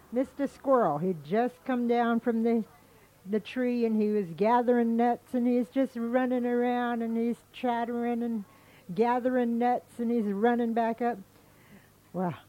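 A woman telling an animal folktale aloud in a homely, unhurried storytelling manner. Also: a little high, dull audio.

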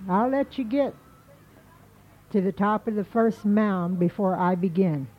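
A woman's voice: mid-range voice, measured pace, close to an everyday voice. A woman voicing a boastful male rabbit trickster who keeps pushing for a race. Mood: insistent. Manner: insistent, challenging. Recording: tinny phone-like line.

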